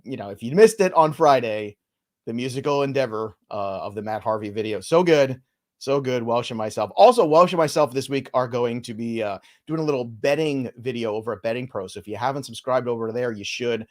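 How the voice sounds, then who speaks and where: A man's voice: medium pitch, brisk. Jokey male fantasy baseball host. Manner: jokey, playful, teasing co-host. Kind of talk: casual live show banter.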